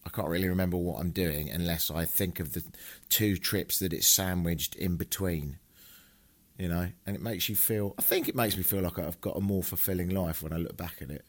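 A man from England hosting a travel podcast, talking casually and cheerfully swearing as he rambles. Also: fairly quick. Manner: chatty and swearing, with big swings in pitch.

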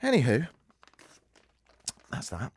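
A man's voice: mid-range voice, wildly swooping pitch, slow, husky. A British man hosting a radio talk show, delivering a sarcastic, mock-outraged comedic monologue into a studio microphone. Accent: British English. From Britain.

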